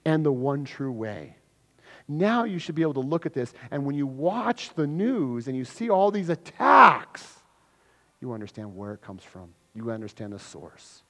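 A man preaching a sermon to his church, swinging between loud emphatic lines and low quiet ones. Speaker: pastor. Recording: long hall reverb.

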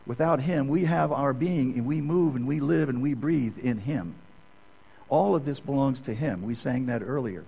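A man's voice: medium pitch, moderate pace, gravelly, mellow, slightly rough, dull audio. A middle-aged man preaching a sermon in a conversational way, often checking in with the listeners by asking "okay?".

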